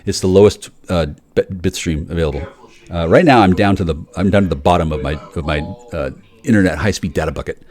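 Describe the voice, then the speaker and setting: Man, lowish voice, fast swearing rant, lots of restarts, streaming panel talk. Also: darkish tone. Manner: profane, rapid, repetitive restarts. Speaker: livestream panel guest. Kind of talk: rambling conspiratorial monologue.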